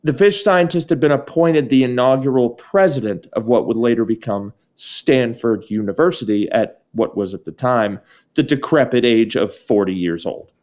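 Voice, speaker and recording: A man's voice: medium pitch, normal speed, darkish tone. A man co-hosting a podcast, chatting and narrating with dry, wry asides. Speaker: podcast co-host. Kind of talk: casual chat and narration.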